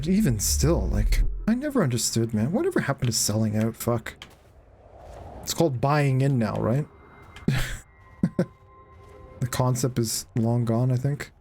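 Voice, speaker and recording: A man streaming a video game in casual chat, reacting out loud and swearing freely as he talks with viewers. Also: medium pitch, a little hiss or hum. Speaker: gaming streamer.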